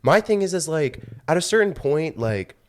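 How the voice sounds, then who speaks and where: A man's voice: a little high, very animated, moderate pace. A man in his twenties hosting a podcast, chatting casually and ranting through his complaints with lots of filler words. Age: 20s. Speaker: podcast host. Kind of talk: casual chat.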